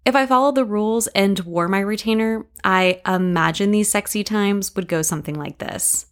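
A woman hosting a podcast, telling scripted memoir stories with wry, deadpan humor. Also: medium pitch, normal speed. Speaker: podcast host.

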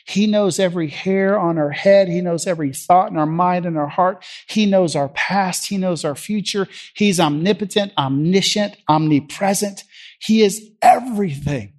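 Animated preacher man, fairly high voice. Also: moderate pace, hardly any pauses. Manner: vivid storytelling, acting out the scripture scenes. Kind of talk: sermon.

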